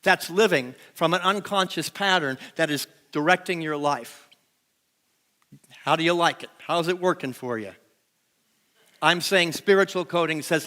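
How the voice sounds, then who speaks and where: Bright, high-voiced man preaching a sermon. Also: a little slow, pauses often. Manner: animated, talks to the congregation and asks them to repeat lines. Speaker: pastor. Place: church sanctuary with a live congregation.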